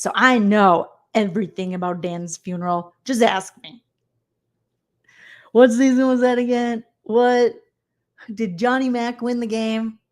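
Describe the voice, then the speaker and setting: A young woman comedian doing a sarcastic, animated recap vlog, acting out people in mocking voices. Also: mid-range voice.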